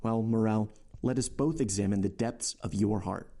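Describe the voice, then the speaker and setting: A man's voice: fairly low pitch, normal speed, dark tone, lightly acted. A man voicing the Count, a worldly and commanding nobleman, in a raised, sweeping voice. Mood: intense.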